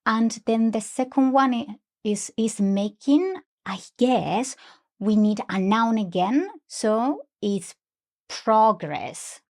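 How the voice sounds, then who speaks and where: Woman co-host on an english podcast, thinks out loud, bit of vocal fry. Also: a little high, takes it slowly. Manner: curious, reasons aloud with frequent backchannels. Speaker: co-host and learner. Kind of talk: podcast lesson dialogue.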